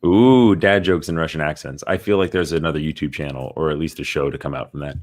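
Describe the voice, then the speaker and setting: Deep-voiced man rambling through movie news. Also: quick pace, darkish tone. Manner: rambling, reads out news articles with many fillers. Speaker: podcast co-host. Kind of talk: casual chat about movie news.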